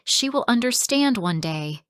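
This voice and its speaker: A woman's voice: fairly high pitch, lively intonation, measured pace, a bit bright, clean tone, no room sound, studio quality, pitched above the performer's own voice. A woman voicing a tired, remorseful middle-aged husband and father in her own plain, subdued voice. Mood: defensive.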